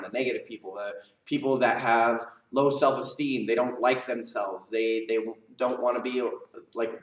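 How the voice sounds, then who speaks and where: A man teaching a live leadership class to kids as a karate instructor, calm and earnest, speaking straight to his students. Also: mid-range voice, recorded from a distance. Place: karate school. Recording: roomy, mic set back.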